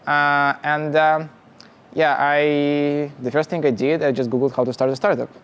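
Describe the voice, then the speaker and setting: A young man from Russia, a startup founder telling his story casually in halting, English. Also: fairly high pitch, level tone, a bit bright, clear, resonant tone. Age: young adult. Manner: halting, many restarts and laughs, plain non-native phrasing.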